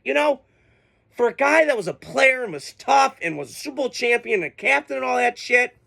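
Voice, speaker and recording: A man's voice: very high voice, expressive, brisk, gravelly, sharp tone. A man hosting a sports show, ranting casually with heated, profane, exasperated outbursts. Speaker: sports podcast host.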